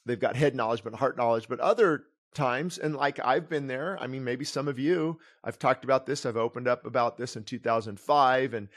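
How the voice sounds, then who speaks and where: A man's voice: medium pitch, moderate pace, hardly any pauses, fairly bright tone. A middle-aged pastor preaching his own book aloud, earnest and digressive, often breaking off and restarting his sentences. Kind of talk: sermon reading of his book with commentary.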